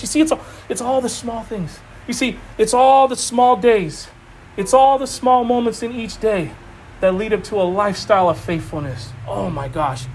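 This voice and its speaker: A man preaching an informal sermon, animated and emphatic, repeating phrases and laughing often. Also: extremely high pitch, slight background noise. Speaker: preacher teaching a Bible study.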